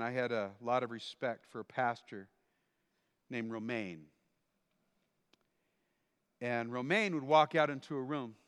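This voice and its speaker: A man preaching a sermon in a church hall, swinging between quiet explanation and loud, shouted lines. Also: mid-range voice, smooth. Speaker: pastor.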